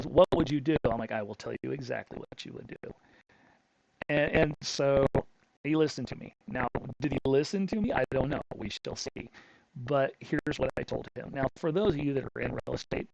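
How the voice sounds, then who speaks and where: A man's voice: medium pitch, creaky, no echo, poor audio. A middle-aged man hosting a crypto channel, telling a story in a blunt, rambling way with frequent restarts. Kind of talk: casual storytelling monologue.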